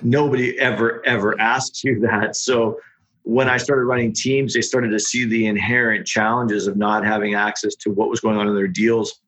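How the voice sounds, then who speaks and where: A middle-aged man, a startup founder, telling his story in a casual podcast interview with quick, animated delivery. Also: on the low side. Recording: dull lo-fi sound.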